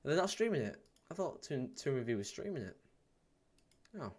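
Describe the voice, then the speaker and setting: A man hosting a live football watchalong stream. He chats casually, reads out viewer comments with plenty of ums, and breaks into excited play-by-play. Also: mid-range voice, normal speed. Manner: bursts into excited play-by-play at goals. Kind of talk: live match watchalong chat.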